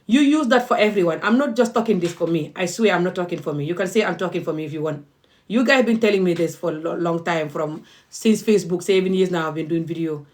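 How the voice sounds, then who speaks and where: A woman's voice: on the low side, quick pace, a little mellow. A woman, speaking as an activist vlogger in an impassioned, emphatic and repetitive monologue.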